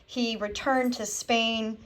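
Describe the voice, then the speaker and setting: A woman's voice: fairly high pitch, steady tone, slow, fairly bright tone. Chatty young woman teaching history. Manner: chatty, acts out historical figures in a jokey voice. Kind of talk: casual recorded history lesson. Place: home, with a dog nearby.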